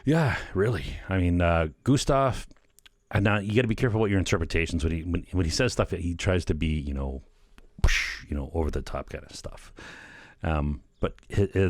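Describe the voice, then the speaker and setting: A man's voice: sits low, dry recording, clean studio sound. A man hosting a solo talk show, rambling casually, peppering his talk with "you know" and "right?" and chuckling at his own remarks. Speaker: podcast host.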